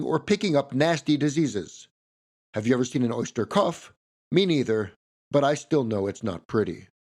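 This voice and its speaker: A man's voice: fairly high pitch, darkish tone. Playful male podcast host. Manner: playful, wry asides. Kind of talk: scripted podcast narration.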